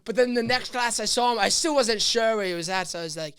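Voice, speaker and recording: A man's voice: high voice, fast, clean tone. A man who works as a teacher, chatting casually as a podcast guest and telling a classroom story with lots of acted-out voices. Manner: animated storyteller, acts out voices. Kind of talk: casual chat.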